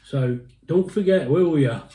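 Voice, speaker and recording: A man's voice: a little high, a little slow, mellow. A man, a vlogger chatting and telling jokes, laughing and rambling as he goes. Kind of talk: casual chat and joke telling. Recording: echoey room.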